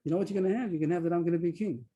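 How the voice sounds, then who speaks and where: A man leads a Talmud class over a video call. His voice is very dark and mellow with a husky edge, and he sits a little high in pitch. He explains the text step by step and stresses key words. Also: very fast, dull audio. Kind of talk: online Talmud lesson. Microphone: video call mic.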